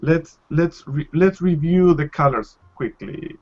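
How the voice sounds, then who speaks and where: A male Spanish teacher leading a live online class, speaking slowly and patiently, repeating words to model pronunciation. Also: a little high, dull audio. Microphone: video call.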